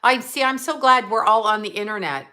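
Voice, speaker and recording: A woman's voice: fairly high pitch, brisk, sharp tone. A woman hosting a casual livestream from home, chatting in a bubbly way and reading out where her viewers are. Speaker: livestream host. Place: at home, just out of bed.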